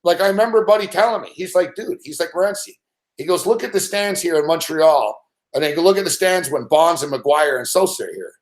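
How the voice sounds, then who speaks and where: This sports betting show host is a middle-aged man whose voice sits on the high side, brisk and with lively intonation. His talk is a loose, foul-mouthed rant full of constant swearing and stories where he plays the other characters himself.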